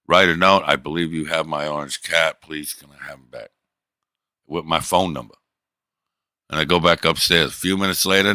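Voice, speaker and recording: Low forceful male voice, profane rambling livestream chat, dry close sound. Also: clean tone, no room sound. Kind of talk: casual storytelling to chat.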